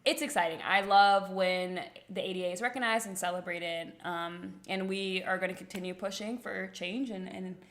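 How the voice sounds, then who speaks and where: A woman co-hosts a relaxed livestream, talking in a friendly, upbeat way. Her voice sits at an ordinary middle pitch as she walks through plans and news. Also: slight background noise. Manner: friendly, upbeat, quick to laugh. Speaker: co-host of a couple's livestream. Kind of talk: casual live chat.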